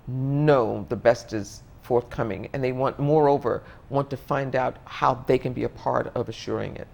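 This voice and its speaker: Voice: mid-range voice, creaky, a little mellow. Reflective interview guest, searching for words. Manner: thoughtful, searching for words, frequent restarts.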